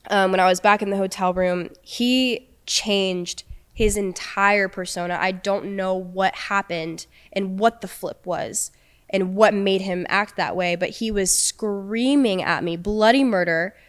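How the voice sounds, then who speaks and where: Young woman on a podcast, earnest and halting, lots of restarts and "like", middle pitch. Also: fairly even intonation, clear, resonant tone. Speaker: podcast guest. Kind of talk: personal storytelling in conversation.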